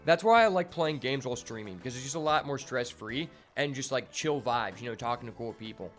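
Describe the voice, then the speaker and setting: A man's voice: mid-range voice, expressive, brisk, faint music behind. A young man streaming a card game, chatting casually and rambling with lots of fillers and swearing. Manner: rambling, laid-back, heavy on fillers and swearing. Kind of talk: casual gameplay commentary.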